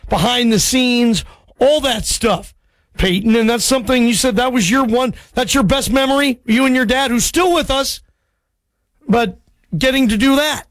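A man's voice: extremely high pitch, moderate pace, dry recording. A man hosting a sports radio call-in show, chatty and friendly, firing off eager questions.

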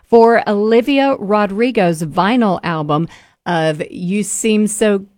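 A woman's voice: mid-range voice, takes it slowly, a little mellow, no echo. A woman co-hosting a radio morning show, chatty and giggly, with playful on-air banter. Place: radio studio.

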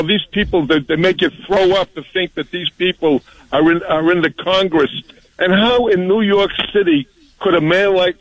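A man calls in to talk radio, ranting with indignant heat. His voice sits a little higher than most men's and sounds dry and close. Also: dry recording, rough recording. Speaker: caller.

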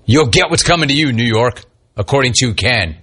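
A man hosting a sports talk radio show, animated and mocking, with swooping pitch. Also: fairly quick, slightly rough.

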